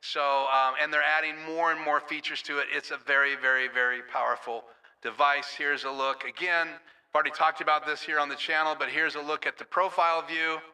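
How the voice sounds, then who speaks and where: A man's voice: a little high, level tone, brisk, bright, forceful tone, clean tone. A man hosting a casual live stream, walking through his studio audio gear in an explanatory way with frequent fillers. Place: home studio.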